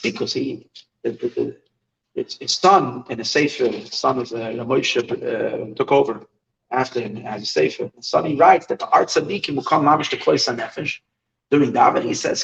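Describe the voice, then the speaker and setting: A man, a rabbi, telling stories in a halting lesson, with many restarts. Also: fairly high pitch, lively intonation, creaky. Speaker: rabbi teaching. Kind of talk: storytelling lesson. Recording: dull recording, far from the mic.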